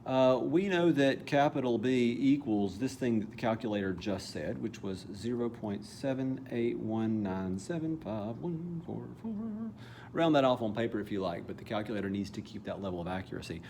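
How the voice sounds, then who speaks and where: A math teacher talks through a calculus problem one step at a time, thinking aloud casually and sometimes correcting himself. His voice is medium in pitch and a bit mellow, at a normal speed, with a faint hiss or hum in the recording.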